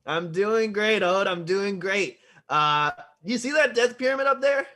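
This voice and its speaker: A woman's voice: medium pitch, unhurried, fairly bright tone. A woman playing a brash, jokey character in a comedic tabletop game. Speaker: player. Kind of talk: comedic tabletop role-play.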